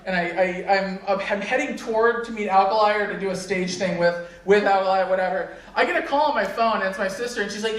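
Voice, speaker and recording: A man's voice: high-pitched, fairly even intonation, brisk, fairly bright tone. A man telling a rambling, self-mocking stand-up story at an open mic, laughing at his own jokes. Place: convention panel room. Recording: echoey room heard from a distance.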